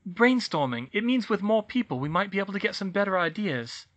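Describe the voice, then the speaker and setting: A man voicing a bossy, clever teenage witch girl in an audiobook reading, insistent and brisk. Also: sits high, sing-song, fairly bright tone, voice pushed up. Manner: brisk, insistent, rises to shrieks. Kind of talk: audiobook reading of fan fiction.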